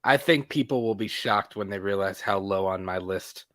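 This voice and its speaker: A man's voice: fairly low pitch, normal speed, fairly bright tone, no room sound. A man co-hosting a podcast in casual chat, laughing often and trailing off into restarts. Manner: laughs often, trails off and restarts, puts on a gravelly movie voice as a joke. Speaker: podcast co-host.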